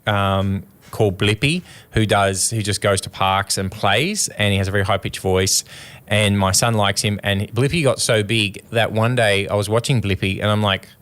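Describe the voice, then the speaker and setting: A man in his thirties with a fairly low voice, chatting on a podcast. He jokes a lot and drifts into quick asides. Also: fairly even intonation, fairly bright tone. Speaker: podcast co-host. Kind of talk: casual chat.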